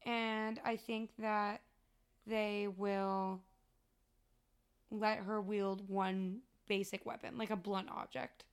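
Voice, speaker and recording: A woman co-hosting a podcast in casual chat, animated and expressive, swearing freely and laughing often. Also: mid-range voice, takes it slowly, smooth. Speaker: podcast co-host.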